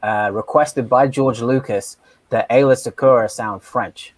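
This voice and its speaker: A man co-hosting a casual podcast, talking in a relaxed, matter-of-fact way. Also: medium pitch, a little slow, no echo.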